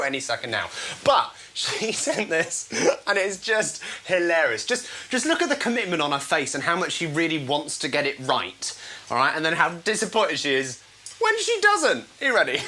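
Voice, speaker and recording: A man hosting a casual comedy show from home, playful and self-mocking, quick to laugh at his own jokes. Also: fairly high pitch, pushed and bright, slight background noise, low-quality recording. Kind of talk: casual live show chat.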